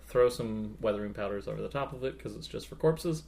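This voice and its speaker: A man's voice: fairly low pitch, a little fast, vocal fry, darkish tone. A man co-hosting a podcast, chatting casually and rambling with many fillers about his hobby. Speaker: podcast co-host.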